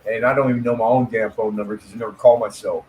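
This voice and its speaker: A man's voice: mid-range voice, fairly even intonation, racing, darkish tone, slight background noise, rough recording. A man telling loose stories and jokes in casual chat, swearing freely and laughing often. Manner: profane storyteller, laughs often.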